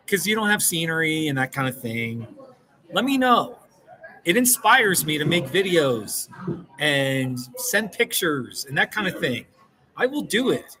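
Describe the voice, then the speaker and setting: A man's voice: fairly high pitch, bright, forceful tone, low-quality recording. A man talking to the camera in a casual vlog, rambling and self-mocking and laughing often, outdoors in a small mountain town. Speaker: vlogger.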